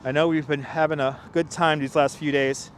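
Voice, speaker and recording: A man's voice: on the high side, flat delivery, normal speed, a little hiss or hum. A man hosting a casual walking livestream outdoors in a city park, chatting and laughing as he answers viewer comments through a clip-on mic. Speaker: livestream host and tour guide. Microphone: wireless clip-on mic.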